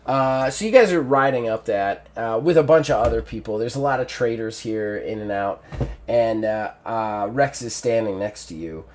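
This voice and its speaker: A man's voice: mid-range voice, moderate pace, darkish tone, slight background noise. A man narrating a tabletop game as game master, in a casual, chatty way.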